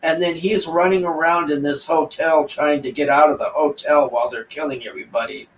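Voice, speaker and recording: A man's voice: on the high side, steady tone, a little fast, far from the mic, a little hiss or hum. A man rambling through a casual movie review, exasperated and sarcastic, mocking the characters as he talks. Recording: echoey room, voice off-mic.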